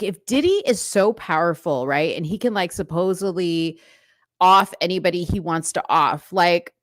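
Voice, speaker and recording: Her voice is lowish, with no echo. As a livestream host, she reads out news stories and chats to her viewers, reacting to the live chat in a chatty style heavy with fillers and speaking straight to her audience.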